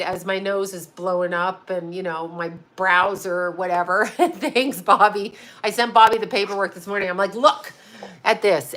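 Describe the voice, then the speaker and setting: A psychic medium in middle age hosts her own channel, chatting loosely on a livestream. Her voice sits at medium pitch, bright and forceful, as she rambles emotionally and swears without restraint.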